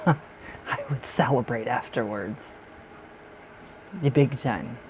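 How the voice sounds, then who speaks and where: A man's voice: medium pitch, drawn-out words, noisy background. A man from the northern United States giving live-stream tarot readings in a chatty way, laughing often and repeating himself. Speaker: tarot reader.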